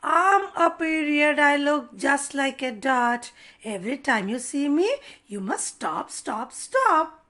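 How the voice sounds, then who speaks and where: A chirpy little full stop introduces itself in a sing-song rhyme, as a woman teacher puts it on. The voice is high and unhurried, like a children's lesson. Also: animated, sharp tone, full character voice. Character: cheerful talking full stop, a little dot.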